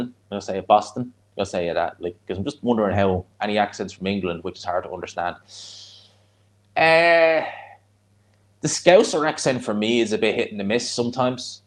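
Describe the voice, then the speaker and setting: A man with a Dublin Irish accent giving casual live commentary on a fight and chatting with viewers in a blunt, rambling way. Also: fairly low pitch. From Ireland. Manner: chatty, blunt, answers chat between fight reactions. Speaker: streamer hosting a live watch-along.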